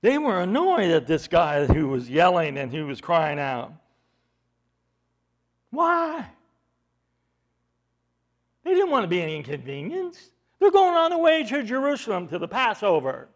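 High, animated male preacher. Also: moderate pace, few pauses. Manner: animated, rhetorical questions, swings between loud emphasis and hushed asides. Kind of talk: sermon.

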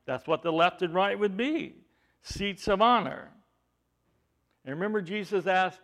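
In this sermon, a man with a high-pitched voice moves at a moderate pace. He asks rhetorical questions and alternates between booming emphasis and quiet asides.

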